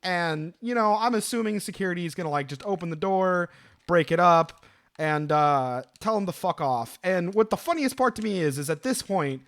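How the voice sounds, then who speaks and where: A young man in his twenties tells a story in a loose, rambling way, swearing freely and piling up fillers. His voice sits a bit high and swoops all over as he gets worked up. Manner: animated, profane, rambling with fillers. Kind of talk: casual storytelling.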